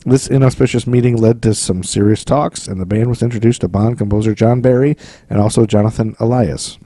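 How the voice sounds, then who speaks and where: A man chatting casually as a podcast co-host, rambling between topics and joking along the way. His voice is dark and mellow, recorded dry and close with little room sound. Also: lowish voice, fairly even intonation, brisk, no room sound. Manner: rambling, jokey, tries silly accents and sings snatches. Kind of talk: casual chat about eighties pop culture.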